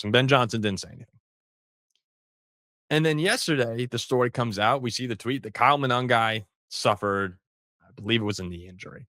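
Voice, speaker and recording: A man's voice: mid-range voice, pushed and bright, dry recording, clean studio sound. A man hosting a sports show, talking football in a casual, rambling way with frequent restarts.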